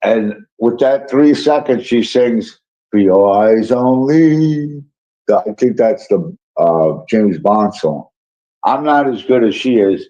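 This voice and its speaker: Low-voiced man telling a rambling, profane story. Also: unhurried, muffled recording. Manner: profane, excitable, tangent-prone. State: drowsy, yawning. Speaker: livestream host. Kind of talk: rambling live-stream storytelling.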